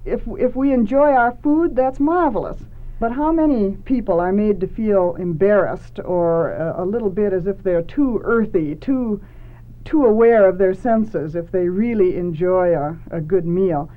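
A female host talks about books in a mid-range voice, taking her time. Her tone is thoughtful and earnest, and the sound is tinny, as if over a phone.

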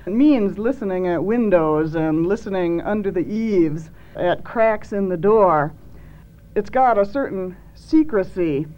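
A woman's voice: medium pitch, mellow. A woman children's author talking thoughtfully on an educational radio program. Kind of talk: reading her own story, then radio conversation. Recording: dull lo-fi old radio recording.

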